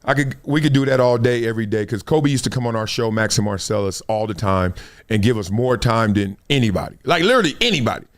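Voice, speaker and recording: A man's voice: medium pitch, lively intonation, fast talker. A middle-aged man with a Los Angeles accent hosting a live show, telling a casual story and acting out the scenes and quotes. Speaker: show host.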